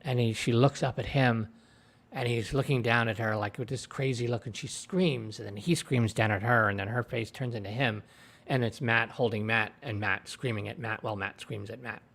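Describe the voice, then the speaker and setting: A man's voice: medium pitch, fairly even intonation, normal speed, gravelly, fairly bright tone. A man giving a casual spoken review of a TV episode, retelling scenes in a rambling way with lots of fillers, into his own desk microphone. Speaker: TV show reviewer.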